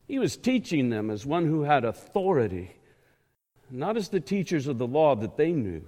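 A man preaching a sermon in a church, emphatic and measured, asking the congregation rhetorical questions. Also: fairly high pitch, dark tone. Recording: echoey hall.

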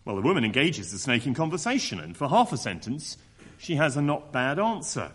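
A man's voice: mid-range voice, sing-song, brisk, a bit bright, breathy edge. A man preaching a sermon, acting out quoted voices with mocking tones.

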